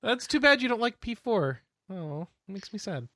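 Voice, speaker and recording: Brief: jokey man on a gaming podcast, animated, close and dry. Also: high-pitched, normal speed, no room sound. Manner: playful, jokey. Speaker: podcast co-host. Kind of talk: casual chat.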